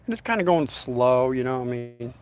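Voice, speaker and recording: A man's voice: mid-range voice, expressive, moderate pace, slight background noise. A man telling a long anecdote in a casual, rambling way, with many restarts and fillers. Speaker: storyteller.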